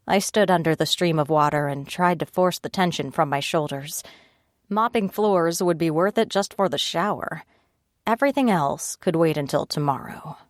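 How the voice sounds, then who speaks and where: Dry, low-voiced woman narrating. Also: no echo. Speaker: audiobook narrator. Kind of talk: audiobook narration.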